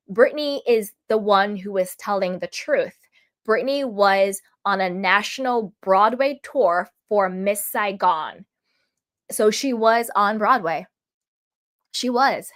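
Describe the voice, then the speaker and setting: Woman vlogger, fairly high voice, casual and emphatic reality-TV recap. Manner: emphatic, animated, talks in quick asides. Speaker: reality TV reviewer. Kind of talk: casual opinionated recap commentary.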